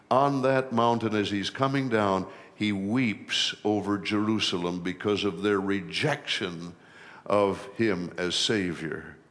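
In his sermon, a middle-aged pastor lifts his pitch and volume on key phrases and slows for emphasis. His voice comes across as a bit bright.

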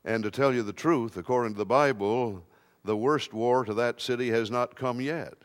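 A man preaching a sermon to a congregation in a slow, emphatic way with touches of light humor. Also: mid-range voice, long reverb tail.

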